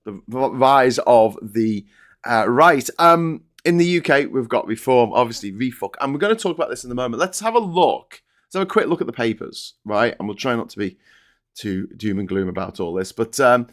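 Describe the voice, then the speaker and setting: A man's voice: medium pitch, expressive, moderate pace, fairly bright tone. Sardonic British man hosting a chat stream. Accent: British English. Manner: sardonic, chatty, reads chat and mocks headlines in silly voices. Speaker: host. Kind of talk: casual live-stream commentary.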